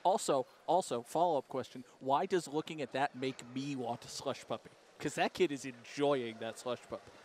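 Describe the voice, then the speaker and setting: A man's voice: mid-range voice, normal speed, few pauses, darkish tone, slight background noise. A young man from New doing color commentary on a college hockey broadcast, dropping wry, joking asides.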